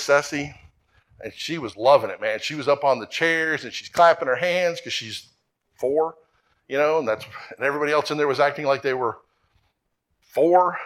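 A man's voice: on the high side, a bit bright. A male pastor preaching a sermon with earnest, repetitive emphasis that climbs to emphatic peaks. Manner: earnest, repeats himself, rising to emphatic peaks.

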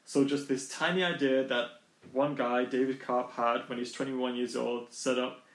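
A man's voice: mid-range voice, fairly even intonation, moderate pace. A young man in his twenties co-hosting a podcast, chatty and jokey. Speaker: podcast co-host. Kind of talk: casual podcast chat. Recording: echoey room.

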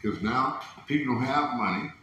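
A man's voice: medium pitch, expressive, moderate pace, sharp tone, dull audio. A man hosting a casual chat, laid-back and laughing easily as he talks. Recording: very echoey room with faint noise.

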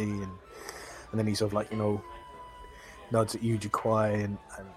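A man's voice: on the low side, level tone, normal speed, faint music behind. A man narrating a tabletop fantasy game as game master, rambling and full of fillers.

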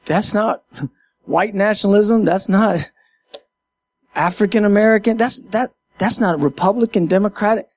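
A man with a high voice and a gravelly edge speaks in a passionate, half-sermon way. He is emphatic and lively, and he drives his points home by repeating them. He sounds like a minister addressing his audience directly. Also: normal speed. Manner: emphatic and animated, repeats key phrases. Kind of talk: impassioned casual talk, half sermon.

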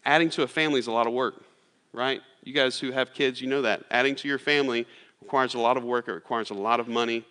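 A man's voice: mid-range voice, steady tone, fast talker, a bit bright, clear, resonant tone. A man, preaching a sermon in a casual, storytelling way with plenty of "like" and restarts. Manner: casual, storytelling with lots of fillers. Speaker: pastor. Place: church sanctuary. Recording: long hall reverb.

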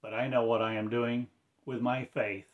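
A man's voice: medium pitch, flat delivery, moderate pace, phone-quality sound. A man delivering a fragmented, incantatory spoken-word monologue with preacher-like phrasing.

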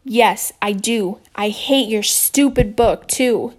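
Woman putting on an angry young schoolboy. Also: mid-range voice. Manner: childish, slow shouted outbursts. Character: upset defiant young schoolboy.

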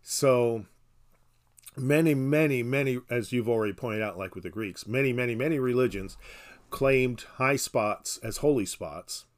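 A man teaching scripture in an easygoing conversation. He explains patiently and often restarts his sentences. A dry humor runs under his mid-pitched voice. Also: measured pace. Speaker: Bible teacher. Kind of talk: casual Bible study podcast.

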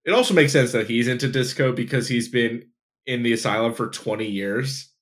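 A man co-hosting a casual talk show, recapping in a relaxed way and chuckling often. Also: medium pitch, fairly quick. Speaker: podcast co-host. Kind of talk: casual chat.

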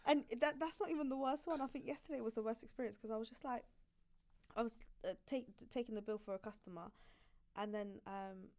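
A woman's voice: a little high, brisk, a little mellow, a little hiss or hum. Chatty young woman telling stories. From United Kingdom. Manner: chatty storyteller, laughs often, acts out others' lines. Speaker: podcast guest. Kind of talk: casual podcast chat.

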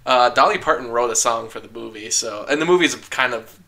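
A man's voice: medium pitch, a little fast, creaky, bright, forceful tone. A man chatting casually as a podcast host, opinionated and talkative, with frequent fillers and laughs. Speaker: podcast host discussing film awards. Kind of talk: casual chat.

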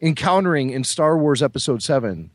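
A man's voice: a little high, animated, brisk, no room sound, studio quality. A man co-hosting a podcast, enthusiastic and joking in casual chat. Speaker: podcast co-host.

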